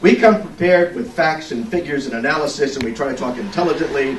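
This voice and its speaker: A man's voice: on the high side, expressive, quick pace. A middle-aged man giving a folksy, storytelling political speech at a fundraiser. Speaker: political speaker. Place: indoor event room. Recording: echoey room, distant mic, background noise.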